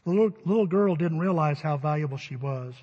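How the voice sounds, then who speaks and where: A male pastor preaching to his church, his fairly high voice turning emphatic and loud on key words. His tone is husky, and it is captured on a dull recording. A long reverb trails after each line in the sanctuary. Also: a little fast. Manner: emphatic, rising to loud stresses. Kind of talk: sermon.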